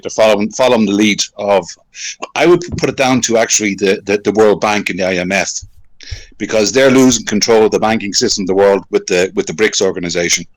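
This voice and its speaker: A man from Ireland calls in to a live show, his voice sitting fairly low. He speaks casually and haltingly, stumbling and repeating words as he works toward his argument. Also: poor audio. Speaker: caller. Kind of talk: phoned-in casual chat.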